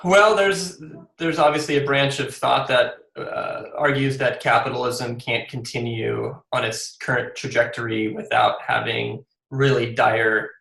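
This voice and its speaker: Guy guest on an interview, kinda gravelly, lots of uh and um, echoey room. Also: mid-range voice, steady tone, unhurried, hardly any pauses, a bit bright. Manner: earnest, many fillers and restarts. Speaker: guest author. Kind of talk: casual interview.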